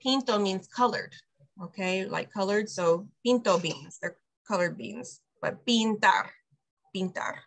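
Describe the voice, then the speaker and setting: A woman's voice: medium pitch, measured pace, vocal fry. A middle-aged woman, a preschool director, teaching parents Spanish words over a video call, explaining patiently and laughing often. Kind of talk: online Spanish lesson for parents.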